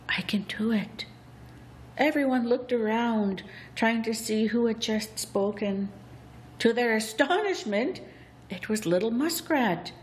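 A woman telling a folk tale aloud, in a deliberate, expressive storytelling manner. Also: medium pitch, slight background noise. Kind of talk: storybook narration.

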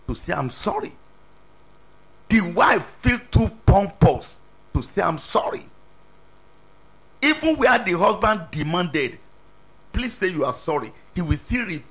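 A high-voiced man delivers a sermon at an unhurried pace, pausing to stress each point. His pitch rises and falls widely, and his English grammar is non-native. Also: fairly bright tone. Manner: slow, deliberate preaching with emphatic pauses. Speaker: preacher.

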